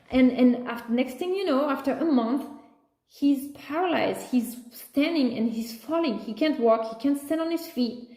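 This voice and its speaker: A woman's voice: fairly high pitch, moderate pace, gravelly, dark tone. A woman talking casually about her life as a mother, rambling with restarts and acting out the voices of others. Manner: talkative, rambling with restarts, acts out her son's voice. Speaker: mother sharing personal views. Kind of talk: casual spoken monologue. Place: at home with a small dog. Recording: echoey room.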